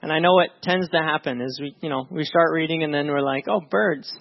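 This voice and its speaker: A man's voice: fairly high pitch, steady tone, fast. A man preaching a sermon as pastor, reading scripture and talking to his congregation in a conversational way, often repeating words and asking "right?". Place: church before a congregation. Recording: dull lo-fi sound.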